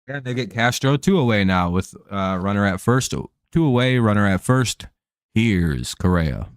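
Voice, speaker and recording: A man's voice: on the low side, expressive, normal speed, clear, resonant tone, no echo, studio quality. A man hosting a live stream, chatting casually and offhandedly while calling the baseball count. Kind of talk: casual chat while watching a baseball game.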